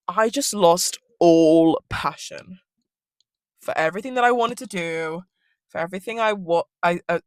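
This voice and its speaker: A woman's voice: lowish voice, dry recording. A young woman, rambling casually through a storytime in her car and swearing freely. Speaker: vlogger.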